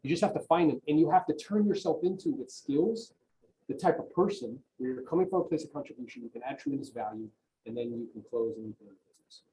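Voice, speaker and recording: On a video call, a male real estate coach speaks fast and emphatically to motivate his listeners, often asking "right?". His medium-pitched voice is mellow, with slight background noise and poor audio.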